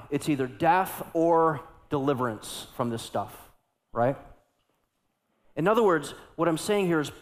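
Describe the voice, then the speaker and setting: A middle-aged male pastor preaching a sermon, going from hushed storytelling to loud, urgent exclamations. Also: on the high side, long reverb tail.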